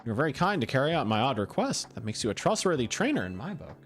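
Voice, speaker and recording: A man's voice: medium pitch, big pitch swings, fast talker, faint music behind. A man doing a folksy, chatty fossil scientist. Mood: friendly. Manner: chatty, folksy, eager to help. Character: cheerful folksy male fossil restorer.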